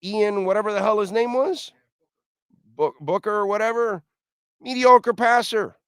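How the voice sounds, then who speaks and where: A man's voice: high-pitched, unhurried, a bit bright, clear, resonant tone, no room sound, studio quality. A middle-aged man hosting a sports talk radio show, ranting bluntly and lecturing listeners.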